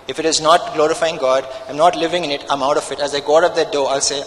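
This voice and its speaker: High-voiced emphatic preaching pastor. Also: male voice, fairly even intonation, quick pace, hardly any pauses, a bit bright, big-room sound, poor audio. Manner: emphatic, preaching with rhetorical questions. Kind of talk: sermon.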